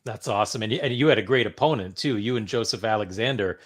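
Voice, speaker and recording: A man's voice: lowish voice, quick pace. A male podcast host who asks long, rambling questions with a lot of enthusiasm. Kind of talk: casual interview chat.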